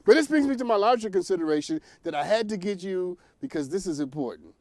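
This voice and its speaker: A male talk show host from New York, delivering opinionated commentary in a fairly high voice. He speaks straight to his audience and breaks into laughter at his own points. The studio sound is dry and close. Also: animated, quick pace, darkish tone, no room sound.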